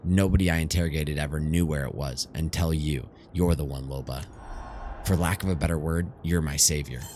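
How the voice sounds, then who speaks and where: A menacing undying male killer who wants to finally die, as a man reads him. His voice sits very low and he speaks in a grim, measured way. A faint hum sits behind it. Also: steady tone, a little mellow.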